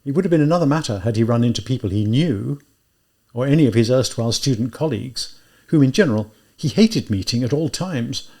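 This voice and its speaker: A man reading a classic novel aloud as an audiobook, in measured, deliberate narration. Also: mid-range voice, lively intonation, dark tone. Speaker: audiobook reader. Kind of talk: scripted narration.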